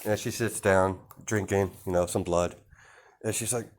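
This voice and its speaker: A man's voice: sits low, steady tone, normal speed. A young man improvising a fan-fiction story, rambling with many fillers and self-corrections.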